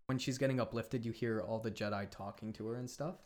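A man casually retelling a film story as a podcast co-host, laughing often and tossing in quick character quotes. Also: medium pitch, lively intonation, a little mellow. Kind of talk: casual animated storytelling chat.

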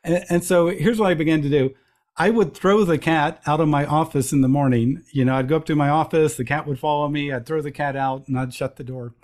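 Animated storytelling man, fairly high voice. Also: brisk. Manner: animated anecdotes with many restarts, acts out quoted voices. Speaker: guest. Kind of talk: storytelling in a conversational interview.

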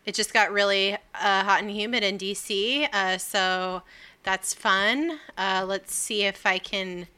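A pregnant woman co-hosting a podcast, chatting casually in a relaxed, unhurried way. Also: medium pitch, clear, resonant tone. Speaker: podcast co-host. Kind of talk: casual chat.

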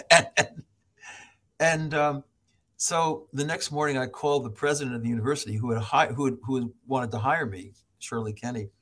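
Husky middle-aged american guy, guest on a podcast, tells stories with lots of laughs and little voices. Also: medium pitch, normal speed. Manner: animated storyteller who laughs often and acts out voices. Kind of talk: storytelling in an interview.

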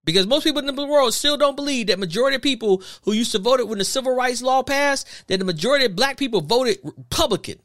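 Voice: mid-range voice, expressive, fast talker, hardly any pauses, a bit bright. A podcast host delivering an emphatic, preachy opinion monologue full of rhetorical questions and repeated phrases.

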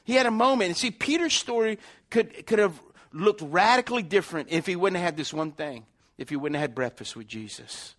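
A man's voice: high-pitched, animated, fairly quick, a bit bright. A man preaching a sermon conversationally, acting out the people in his story. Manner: conversational preaching, acts out quotes, many restarts. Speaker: pastor.

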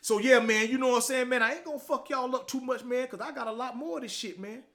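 A man's voice: very high voice, fast, sharp tone. A middle-aged man, hosting a motivational talk show, delivering a blunt, profane, preachy monologue that keeps tagging lines with "man".

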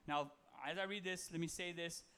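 A man's voice: a little high, fairly even intonation, normal speed, pushed and bright, clear, resonant tone. A man giving a casual, conversational sermon, reading Bible verses and talking them through with fillers and self-corrections. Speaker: preacher.

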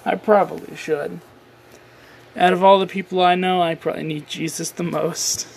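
A man's voice: high-pitched, fairly even intonation, normal speed, gravelly, a little hiss or hum. A tired man hosting his own podcast, rambling through a casual solo rant with offhand swearing and self-deprecating asides. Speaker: podcast host.

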